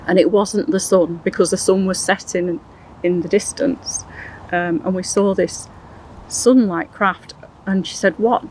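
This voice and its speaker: Older woman, earnest, halting, interview guest, faint background hiss. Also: on the low side, fairly even intonation, darkish tone, low-quality recording. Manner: earnest, halting, many restarts. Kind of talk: recounting personal experiences in an interview.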